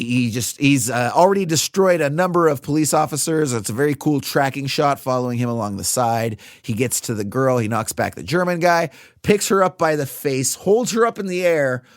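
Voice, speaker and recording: A man in his thirties co-hosting a casual film podcast, animated and acting out lines from the movie. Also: mid-range voice, no room sound, clean studio sound. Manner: animated, acts out movie lines in funny voices. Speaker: podcast co-host.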